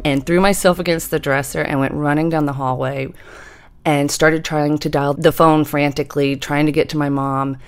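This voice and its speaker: A woman in her fifties telling a personal story in a measured, deliberate way, slowing down for emphasis. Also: low-pitched, steady tone, clear, resonant tone. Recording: music bed under the voice.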